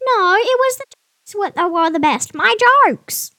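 A woman's voice: animated, moderate pace, dry recording, clean studio sound, heavily acted. A woman voicing a cheeky, squawking pirate parrot who keeps butting in to tell jokes. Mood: pushy. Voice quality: squawking, loud and shrill.

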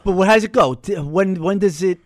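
A man's voice: sits high, a little fast. A man hosting a podcast, crudely prodding his guest for more of the story in casual chat. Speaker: podcast host.

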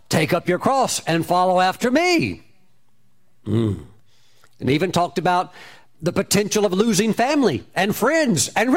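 A man preaching a sermon, telling a story with repeated phrases and shifting emphasis. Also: high-pitched. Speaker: pastor.

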